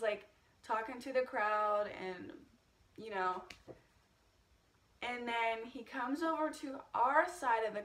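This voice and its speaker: A woman's voice: a little high, a bit bright, roomy sound, far from the mic. A young woman in a casual storytime vlog, chatty, laughing often and swearing freely. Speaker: vlogger.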